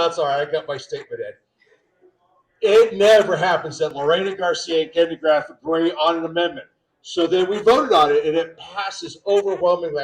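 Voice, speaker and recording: A man, a state representative on a panel, telling an animated anecdote full of quoted asides. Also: on the high side, poor audio. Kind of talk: storytelling on a panel.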